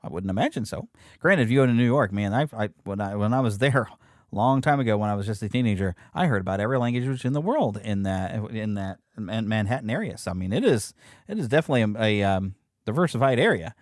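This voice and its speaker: A podcast host from the United States rambles on in a chatty, animated way, talking quickly with a lively, swooping pitch. His voice is recorded dry, with no room sound. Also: no echo. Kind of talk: casual chat.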